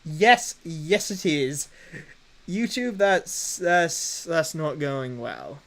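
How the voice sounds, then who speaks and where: A man chats on a live game stream in an unhurried, drawn-out way. His voice sits somewhat high for a man, and he stops and starts as he fiddles with his setup. He keeps a dry, self-mocking humour throughout. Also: big pitch swings, fairly bright tone, rough recording. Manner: halting, fumbling through tech setup with many restarts. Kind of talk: casual live-stream chatter.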